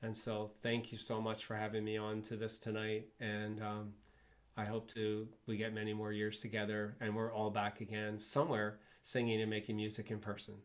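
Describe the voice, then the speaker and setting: A man's voice: fairly low pitch, monotone, moderate pace. An older man, a guest speaker, telling fond, rambling anecdotes and chuckling along the way. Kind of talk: anecdotal storytelling.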